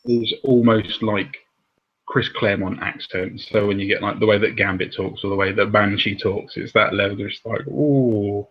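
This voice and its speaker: A man's voice: on the low side, little pitch movement, a little fast, slight background noise. A man hosting a casual chat about comics, chatty with laughing asides. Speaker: host. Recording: dull lo-fi sound.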